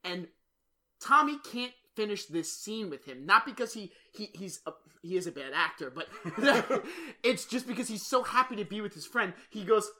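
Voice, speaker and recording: Bright-voiced man telling stories. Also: high-pitched, moderate pace. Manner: animated storyteller, swears, acts out quotes. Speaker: podcast co-host. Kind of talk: casual chat.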